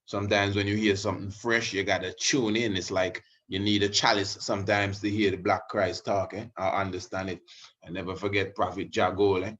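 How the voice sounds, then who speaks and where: This man hosts religious videos and teaches in a loose, meandering way, with plenty of asides, restarts, and you-knows. His voice is deep and fairly bright with little pitch movement, and he talks a little fast. The recording sounds muffled and lo-fi.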